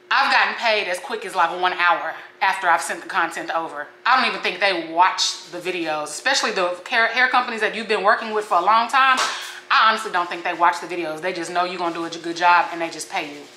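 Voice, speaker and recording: A young woman vlogger ranting casually to her viewers at home, slangy and animated as she talks straight to camera. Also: lowish voice, fairly quick, slight background noise. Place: home kitchen. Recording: echoey room.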